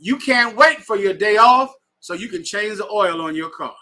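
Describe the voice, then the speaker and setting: A man's voice: sits high, animated, moderate pace, bright, forceful tone. A man teaching a scripture class to a live audience, lecturing in a preachy way and checking in with repeated questions.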